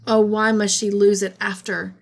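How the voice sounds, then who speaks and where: A woman narrating a classic novel aloud in a gentle, measured storytelling voice. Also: medium pitch, level tone, gravelly. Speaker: storybook reader.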